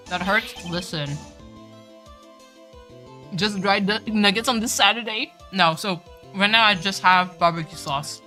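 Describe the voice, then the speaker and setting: A woman's voice: lowish voice, pushed and bright. A woman streamer chatting casually while playing a game, talkative, swearing and saying "like" a lot. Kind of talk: casual live-stream chat.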